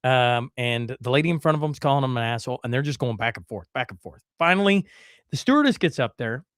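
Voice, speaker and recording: A man's voice: medium pitch, lively intonation, fast talker, a bit bright, no room sound. Chatty man hosting, dry sound. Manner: chatty, rambling with fillers and restarts. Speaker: podcast host. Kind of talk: casual storytelling chat.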